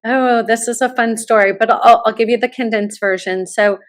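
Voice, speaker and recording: A middle-aged woman with a somewhat high voice speaks as a podcast guest. She tells her stories in an animated, enthusiastic way. She sounds like a college admissions consultant sharing advice. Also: normal speed. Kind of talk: podcast interview, personal storytelling.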